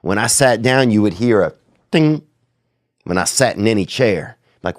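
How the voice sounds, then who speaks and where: A man's voice: lowish voice, animated, measured pace, dry recording, studio quality. A sick, sniffling man hosting a podcast, riffing in a crude, slangy, rambling comic monologue. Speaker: podcast host.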